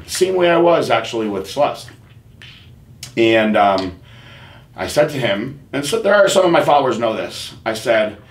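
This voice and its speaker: A man hosting a podcast, telling a personal story in an earnest, halting way with many fillers and restarts. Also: lowish voice, roomy sound. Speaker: podcast host.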